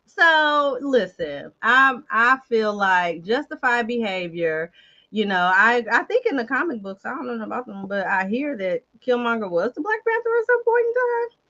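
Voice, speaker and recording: A woman hosting a casual chat show, animated and chatty, talking straight to her viewers. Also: fairly high pitch, moderate pace, lo-fi sound. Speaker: host.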